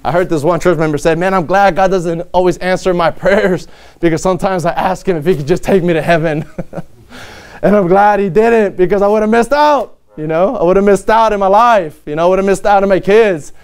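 A man's voice: sits high, fairly quick, darkish tone, smooth. A man preaching a sermon in a church, earnest, reading scripture aloud with rising emphasis.

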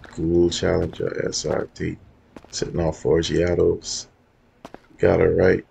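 A man's voice: low voice, little pitch movement, slow, gravelly, mellow, slight background noise, poor audio. A man giving laid-back, slangy commentary in a gaming vlog, talking straight to his viewers. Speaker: roleplay gamer showing off his cars.

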